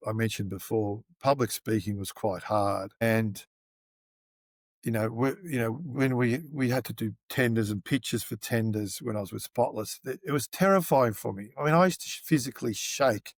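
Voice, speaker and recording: A man's voice: mid-range voice, moderate pace, dry recording, studio quality. A middle-aged Australian man telling a long story as an interview guest, rambling with plenty of fillers and restarts.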